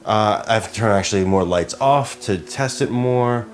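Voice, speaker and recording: A young man with a voice on the low side speaks at a normal speed over soft background music. A podcast co-host making a behind-the-scenes vlog, he chats casually and self-deprecatingly, muttering to himself while setting up lights and cameras in a small apartment turned studio.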